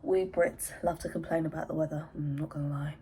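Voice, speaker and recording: A woman's voice: sits low, fairly even intonation, a little fast, dark tone, slight background noise, rough recording. A young English woman chatting in a rambling vlog from her bedroom, out of breath with hay fever. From England. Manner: chatty, rambling, self-interrupting. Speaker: vlogger. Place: bedroom at home.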